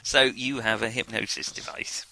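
Bright, gurgly man running the game. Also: on the low side, fairly even intonation, normal speed, vocal fry, a little hiss or hum, poor audio. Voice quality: gurgly, metallic sound. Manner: chatty, laughing and wisecracking. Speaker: game master. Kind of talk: running a tabletop game over a video call. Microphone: video call.

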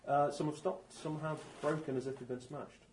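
A man's voice: fairly high pitch, fairly even intonation, moderate pace, a little mellow, a little hiss or hum, rough recording. A man running a tabletop role-playing game as game master, describing rooms with frequent ums and uhs. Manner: hesitant, lots of ums and uhs.

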